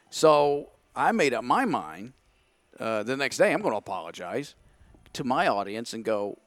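A man's voice: medium pitch, big pitch swings, moderate pace, no echo. A man, a podcast guest, telling his side of a story candidly and acting out his own thoughts in quotes.

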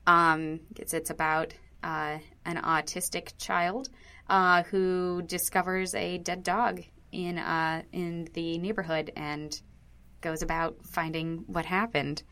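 A woman's voice: lowish voice, level tone, takes it slowly, sharp tone. A woman co-hosting a podcast in casual chat, rambling along with plenty of fillers and restarts. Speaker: podcast co-host.

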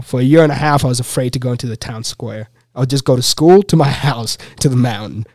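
Young man from Uganda, podcast guest; lively casual storyteller, plain dry sound. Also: medium pitch, fast, hardly any pauses, dry recording. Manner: animated, heavy use of "like" and "you know".

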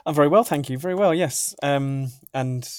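A man's voice: a little high, moderate pace, a little mellow, no room sound, clean studio sound. A middle-aged man with a southern English accent, a guest on a casual podcast, talking hesitantly with many ums and restarts. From southern England. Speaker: podcast guest, football editor. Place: home room with shirts on the wall.

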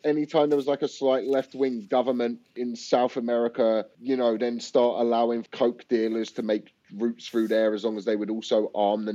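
A man's voice: medium pitch, dark tone. Young guy, blunt and sweary, kinda muffled dull recording. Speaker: podcast guest. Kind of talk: casual chat.

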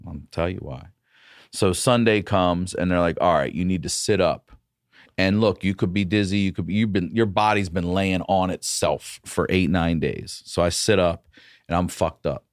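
A man, a comedian guest on a podcast, telling a story in a casual, profane, animated way. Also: deep voice, moderate pace, no echo, clean studio sound.

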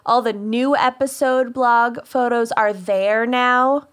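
Unhurried, higher-pitched woman co-host. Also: fairly even intonation, fairly bright tone, clear, resonant tone. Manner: chatty, announcing show news. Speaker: podcast co-host. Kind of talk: casual chat.

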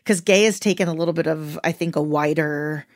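A woman's voice: low voice, a little fast, no echo, studio quality. A woman co-hosting a podcast, chatting casually and exclaiming often. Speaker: podcast co-host. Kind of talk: casual chat.

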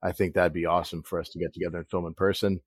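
A man's voice: deep voice, little pitch movement, racing, slightly rough, dry recording, studio quality. A man co-hosting a podcast, speaking in a supportive, earnest way. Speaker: podcast co-host. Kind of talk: casual chat.

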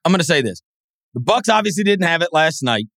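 A man co-hosting a sports podcast who tells stories with animated energy. His voice sits a little high and swings widely in pitch, and it is recorded dry with no room sound. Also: fast, no room sound. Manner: animated storyteller, jumps into high mimicking voices. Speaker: podcast co-host. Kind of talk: casual sports talk.

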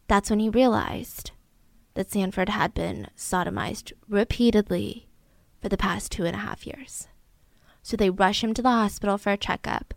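A woman casually retelling a true crime story, animated, acting out the people she quotes. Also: moderate pace, gravelly, no echo. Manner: animated, acts out quotes with raised pitch and volume.

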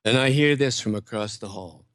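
An older man, a comedian guest, telling show-business stories in a relaxed interview, with lots of restarts and laughter. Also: mid-range voice, moderate pace, no echo, clean studio sound. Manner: animated storyteller, full of restarts and laughter. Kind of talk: casual interview storytelling.

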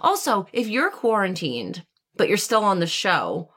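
A woman's voice: medium pitch, wildly swooping pitch, a little slow, fairly bright tone, breathy edge. A woman co-hosting a casual recap chat, gossipy and sarcastic. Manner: sarcastic, gossipy, quotes people in mock voices. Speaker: podcast co-host.

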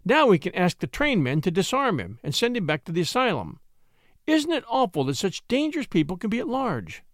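A man voicing a quick-witted, scheming young woman in a story reading, with bright, mock-innocent chatter. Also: high-pitched, wildly swooping pitch, dry recording, studio quality. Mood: mock alarm. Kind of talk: audiobook character voice.

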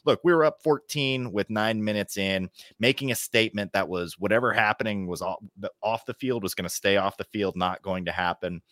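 Low-voiced, dry-sounding podcast host. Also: male voice, brisk, hardly any pauses, a bit bright, dry recording. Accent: American. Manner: joking, teasing banter. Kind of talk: casual sports podcast chat.

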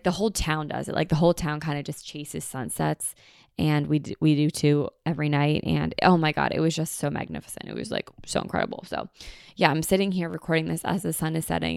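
A woman's voice: sits low, gravelly, clean tone, no echo, studio quality. A young woman with an American accent, hosting a podcast in a gushing, chatty style full of "like," recorded at home in a beach town. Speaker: podcast host. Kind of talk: casual podcast monologue.

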